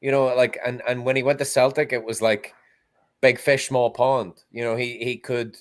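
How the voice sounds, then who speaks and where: A man co-hosting a football podcast, talking casually in a halting way with many restarts. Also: medium pitch, little pitch movement. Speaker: podcast co-host.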